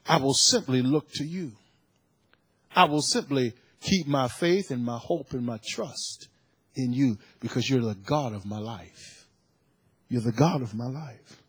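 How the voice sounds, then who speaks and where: A man preaching a sermon, repeating phrases and swinging from quiet asides to loud, emphatic cries. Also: mid-range voice, measured pace, slightly rough, no room sound. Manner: preaching with call-and-response phrasing.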